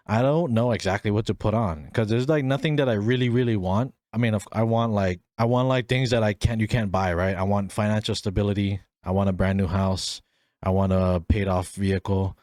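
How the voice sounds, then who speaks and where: Young man, twenties, solo podcast host; chatty and animated, does voices in his stories, dry close mic. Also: medium pitch, dry recording. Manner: animated storyteller, acts out voices in quotes, laughs often. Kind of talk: casual solo podcast storytelling.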